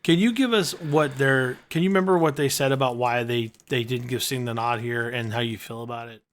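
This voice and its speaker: A man's voice: mid-range voice, brisk. A man co-hosting a podcast, asking a long question while rephrasing as he goes. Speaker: podcast co-host.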